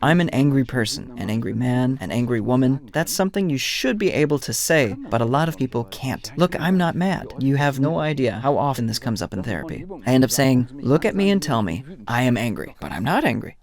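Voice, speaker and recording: Speaking a little fast with few pauses, this German-accented therapist and lecturer addresses an audience about the psyche. His medium-pitched voice is animated as he tells stories and acts out dialogues.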